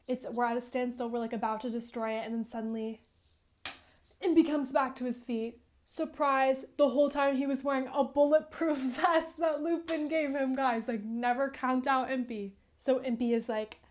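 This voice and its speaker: Chatty young woman, higher voice. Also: steady tone, normal speed, a little mellow. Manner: chatty, fills every phrase with "like"; dramatic, breathless storytelling. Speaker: gaming vlogger. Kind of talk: casual excited game retelling.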